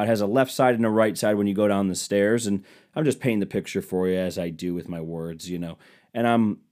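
Low-voiced man telling comic stories. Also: warm tone. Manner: casual, profane, self-deprecating. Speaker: podcast host. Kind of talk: comedic storytelling monologue.

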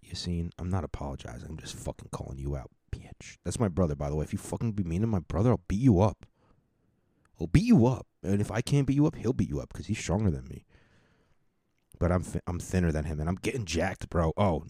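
A man with a deep, dark voice chats casually on his solo podcast, wandering between topics, swearing freely and cracking jokes at his own expense. The recording is dry and close. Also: no room sound. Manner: rambling, profane, joking. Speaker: podcast host.

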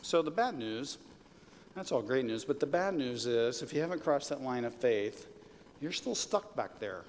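A pastor preaching a sermon in a conversational way, rising to emphatic peaks, in a church sanctuary. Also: male voice, medium pitch, lively intonation, moderate pace, slight background noise. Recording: long reverb of a large hall.

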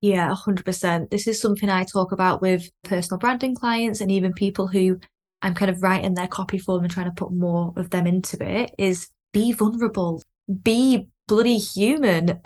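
A woman's voice: mid-range voice, steady tone, normal speed, a little mellow. A woman hosting a podcast, talking in a chatty way with lots of fillers and easy laughter. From Lancashire, England. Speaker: podcast host. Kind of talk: casual podcast chat.

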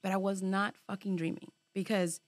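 In a casual group chat, a woman with a medium pitch and moderate pace tells a long personal story. She's animated, swears a lot, uses plenty of fillers, and drops in bits of Spanish slang.

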